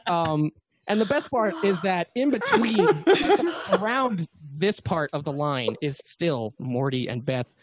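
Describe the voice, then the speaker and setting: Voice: mid-range voice, very animated, slow, very noisy. A game master running a tabletop role-playing game over an online call, rambling, interrupting themselves and laughing often. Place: remote call.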